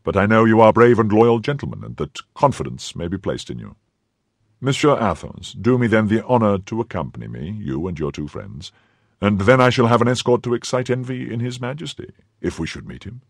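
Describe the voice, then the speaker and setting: An imperious older cardinal who fires clipped, commanding questions, as a male narrator puts him on. The voice sits higher and louder than the reader's own, with a husky edge, recorded close and dry. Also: very animated, fairly quick, no echo.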